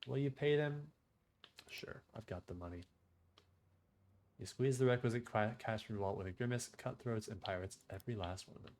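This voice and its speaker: A man streaming a game, reading its text aloud and chatting casually in a relaxed, trailing-off way. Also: lowish voice, brisk.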